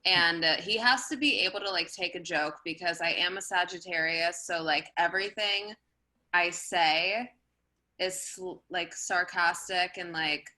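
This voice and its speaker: A woman's voice: on the low side, a little slow, pushed and bright, poor audio. A woman in her twenties, a singer, chatting as a guest on a podcast in a bubbly, self-mocking way. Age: 20s. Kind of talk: casual podcast chat. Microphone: remote call setup.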